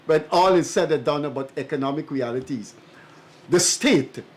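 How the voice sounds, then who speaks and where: A man co-hosting a talk show, speaking in a slow, measured, emphatic way, like an academic. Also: on the high side. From Guyana. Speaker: co-host and commentator. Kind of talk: studio talk show commentary.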